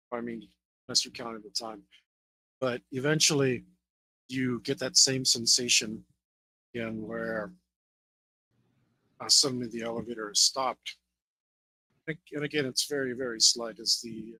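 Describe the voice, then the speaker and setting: A man running a tabletop role-playing game, describing scenes in a loose, unhurried way with many fillers. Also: medium pitch, pushed and bright, no echo, rough recording. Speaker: game master.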